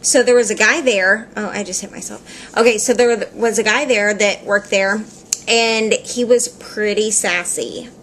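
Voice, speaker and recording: A woman's voice: mid-range voice, steady tone, a little slow, a bit bright, a little hiss or hum. A woman vlogging in a chatty, rambling way, laughing often and filling her speech with "like" as she tells a story. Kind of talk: casual storytelling vlog.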